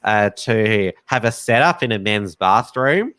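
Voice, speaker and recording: A man hosting a casual chat, speaking in a measured, hesitant way and often repeating words as he starts. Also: on the low side, lively intonation, fairly bright tone, clean tone. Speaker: host.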